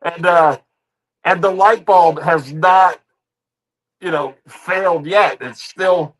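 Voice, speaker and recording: A man's voice: on the high side, takes it slowly, rough recording. A man hosting a reaction stream, mocking people in a rant and repeating the same catchphrase over and over. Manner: mocking rant, keeps repeating "ladies and gentlemen". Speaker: streamer host.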